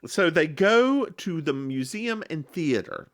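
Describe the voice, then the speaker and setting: Animated man rambling through a recap. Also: a little high, slow. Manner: rambling recap, restarts, self-correcting, animated. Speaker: podcast co-host recapping a TV episode. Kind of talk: casual chat.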